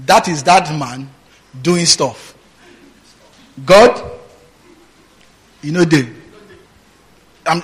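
A man's voice: fairly high pitch, fairly bright tone, rough recording. A man preaching a Bible-teaching sermon who reads scripture aloud, prompts the congregation with questions and laughs often. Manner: laughs often, mimics voices, rhetorical questions.

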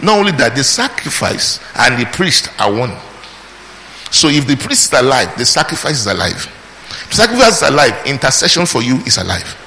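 A man's voice: mid-range voice, sing-song, a little fast, creaky, bright, forceful tone. A man preaching a sermon, emphatic, asking the congregation questions, answering them himself, and calling out praise between points. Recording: long hall reverb with faint background noise.

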